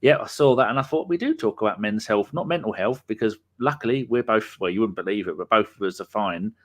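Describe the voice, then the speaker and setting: A man's voice: on the low side, fast talker. Teasing man hosting a podcast. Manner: teasing, joking. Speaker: podcast host. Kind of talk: casual chat.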